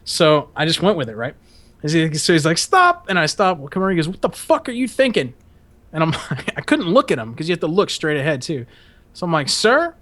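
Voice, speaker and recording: A young man hosts a podcast, telling a story casually in a slightly high, fast voice. He swears often, laughs, and shouts out the quotes as he acts them.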